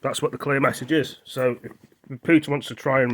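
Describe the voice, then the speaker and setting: A man's voice: medium pitch, steady tone, moderate pace. A man chatting casually while he reads news off a screen, rambling and stumbling over hard words, apologetic, sometimes talking with his mouth full. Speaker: vlogger.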